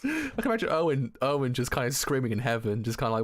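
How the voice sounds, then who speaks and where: A man on a live stream reading a manga aloud and reacting to it, excitable, laughing and swearing, often stumbling over and repeating his words. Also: mid-range voice, rapid-fire, hardly any pauses.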